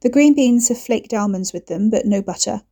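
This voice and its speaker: A woman's voice: a little high, moderate pace, mellow. A woman reading aloud and voicing a guarded, coolly commanding woman with a dry, clipped delivery.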